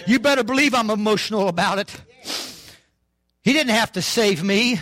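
An older man, preaching a sermon with fervor that rises to shouts. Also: very high-pitched, dry recording. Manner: fervent, rising to shouts, southern-style preaching. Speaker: pastor.

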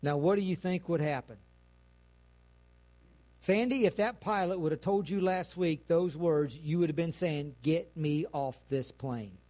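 A male preacher delivering a sermon, building to fervent shouts and peppering his words with "amen.". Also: a little high, unhurried, pauses often.

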